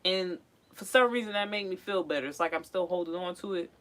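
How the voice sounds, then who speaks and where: A woman's voice: on the low side, fairly quick. A woman, chatting casually and animatedly as she goes through old things in her tiny home on wheels. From Philadelphia. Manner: chatty, animated, breaks into singing snippets. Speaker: vlogger. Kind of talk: casual chat.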